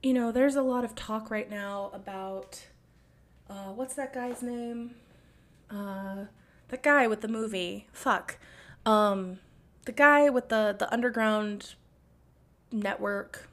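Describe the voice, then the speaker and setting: A young woman rants in a blunt, sarcastic monologue, swearing freely as she vents. Her voice sits a little high for a woman. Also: slow, long pauses, a bit bright. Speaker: podcast host. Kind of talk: angry monologue.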